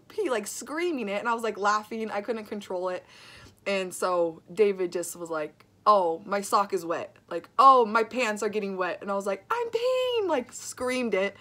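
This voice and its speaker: A woman's voice: medium pitch, a bit bright. A young woman sending a friend birthday wishes in a casual video message, giggling as she tells a story. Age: young adult.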